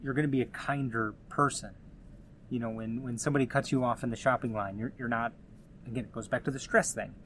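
A man's voice: mid-range voice, steady tone, brisk, a bit bright, slight background noise. A man hosting his own podcast, talking casually in a conversational, rambling way with frequent restarts and asides. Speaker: podcast host. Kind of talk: casual solo podcast talk.

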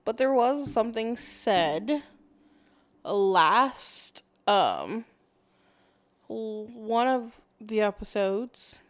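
Lady podcast host, lively swingy voice, teasing her sibling and cussing a lot. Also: on the high side, extremely slow. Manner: teasing, swearing, laughing. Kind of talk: casual chat.

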